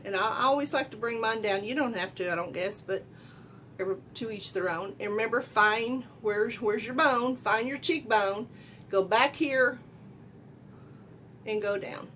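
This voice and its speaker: A middle-aged woman walks viewers through her makeup in a chatty, folksy way. Her voice sits a little high and she talks loudly, checking in with "okay?" and "right?" as she goes. A faint rumble hums behind her at home. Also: normal speed. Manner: chatty, loud and folksy, asks viewers questions. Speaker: beauty vlogger. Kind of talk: casual makeup tutorial.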